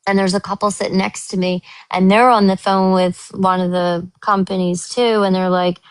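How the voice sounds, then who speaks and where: A woman hosting a podcast, telling a story in a casual, animated way and acting out what others said in a higher voice. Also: moderate pace, smooth, no room sound. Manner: animated, acts out quotes in a higher voice. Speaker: podcast host.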